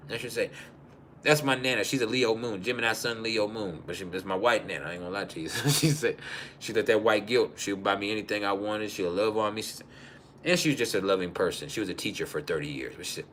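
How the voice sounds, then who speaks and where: A man hosting a live stream, telling rambling, profane comedic stories in an animated way. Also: fairly low pitch, brisk, a little hiss or hum.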